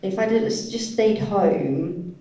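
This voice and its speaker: A woman voicing a deaf presenter's talk at a conference, halting and hedging with many "sort of" and "you know" fillers. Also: mid-range voice, animated, dark tone. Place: large conference hall. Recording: echoey hall from a distant mic.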